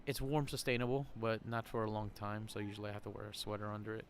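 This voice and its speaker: A man's voice: fairly low pitch, flat delivery, fast, a little hiss or hum. A man hosting a podcast, talking casually and rambling at an outdoor shopping center, laughing often. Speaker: podcast host. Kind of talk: casual vlog monologue. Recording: faint crowd ambience outdoors.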